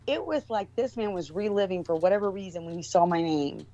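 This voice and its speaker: Low-voiced woman telling a rambling story. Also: a little fast, dark tone. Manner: rambling, with many restarts and fillers. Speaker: guest. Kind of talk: casual storytelling. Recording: dull lo-fi recording.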